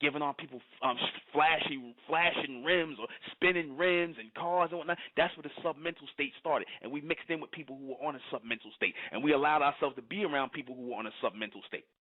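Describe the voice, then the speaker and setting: A man's voice: on the high side, fast talker, few pauses. A man from the United States giving a preachy monologue, lecturing and checking again and again that the listener understands. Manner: lecturing, keeps asking "you understand?". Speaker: commentator. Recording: tinny phone-like sound.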